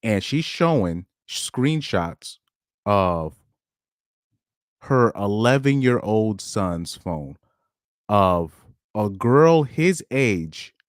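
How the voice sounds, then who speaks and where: A man hosting a podcast, reacting to screenshots in a rambling, animated way, often laughing and jumping up in pitch when amazed. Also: drawn-out words, long pauses, dry recording, clean studio sound. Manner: rambling, with frequent restarts. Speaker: podcast host. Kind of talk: casual commentary reading screenshots.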